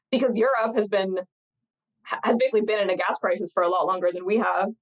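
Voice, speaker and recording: A woman's voice: mid-range voice, steady tone, fast. Tired woman podcaster rambling on, laughs a lot, kinda dull lo-fi sound. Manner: chatty, rambling, laughs often. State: tired, jet-lagged. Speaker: podcast co-host. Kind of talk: casual chat.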